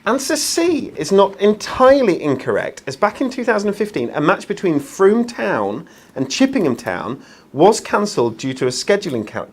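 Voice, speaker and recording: A man hosting a live craft shopping show, chatty and self-deprecating, with plenty of ums. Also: on the high side. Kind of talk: live shopping-channel presenting.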